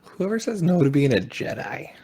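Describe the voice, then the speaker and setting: A man's voice: on the high side, sing-song, creaky, mellow, husky, no echo. A man playing in a tabletop role-playing game, joking and laughing with his friends as he talks. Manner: laughing, joking, quick asides. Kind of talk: casual tabletop role-play chat.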